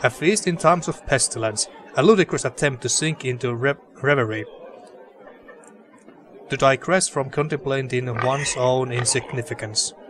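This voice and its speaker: A man's voice: medium pitch, normal speed, fairly bright tone, a faint crowd, a little hiss or hum, close to an everyday voice, low-quality recording. A man reading a gloomy, brooding adventurer. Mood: dour.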